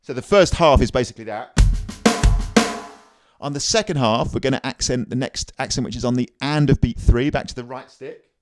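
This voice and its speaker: A man giving a casual, upbeat drum lesson on video, chatting easily and counting rhythms out loud. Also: medium pitch, brisk, loud music behind the voice. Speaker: drum teacher. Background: drum kit playing.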